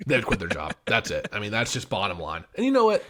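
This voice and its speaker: A man's voice: on the low side, huge pitch swings, fast talker, noisy background. A man co-hosting a casual basketball podcast, enthusiastic and rattling off player stats. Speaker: podcast co-host. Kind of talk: casual sports talk.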